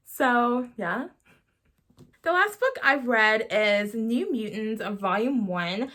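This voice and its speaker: A woman talks through her monthly reading in a loose, casual vlog, with a slightly high and bright, sharp-edged voice. She is bubbly and rambling, breaking into laughter and gushing as she goes. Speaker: book vlogger. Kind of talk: casual book review chat.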